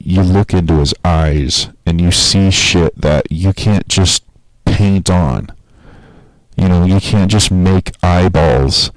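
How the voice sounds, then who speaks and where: A man's voice: low voice, a little mellow, no echo, rough recording. A man telling a rambling, profane story in casual talk, laughing at his own tale and acting out quotes in a raised voice.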